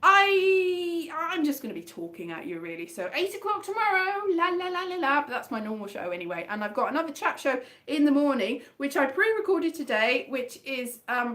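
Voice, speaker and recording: A woman's voice: a little high, fairly bright tone. A woman hosting her own online fringe show, rambling chattily and self-mockingly, half singing her talk over a guitar. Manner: chatty, meandering, sing-song, self-mocking.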